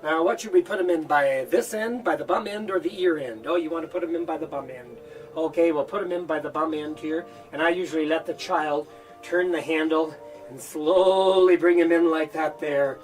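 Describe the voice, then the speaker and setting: A man's voice: on the high side, moderate pace, recorded from a distance, faint music behind. Playful man demonstrating a kids' magic act. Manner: animated, full of mock-surprised "oh, oh" and "uh-oh" exclamations; playful, talks as if to children. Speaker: children's magician and comedy teacher.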